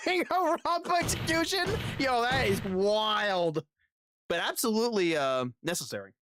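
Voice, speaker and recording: Excitable, profane game streamer. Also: medium pitch, unhurried. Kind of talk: live gameplay commentary. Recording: loud game music behind.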